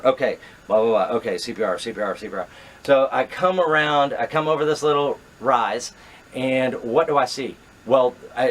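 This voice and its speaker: A middle-aged man telling a true story to camera, animated and reenacting his own thoughts, with frequent fillers and restarts. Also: mid-range voice, a little hiss or hum.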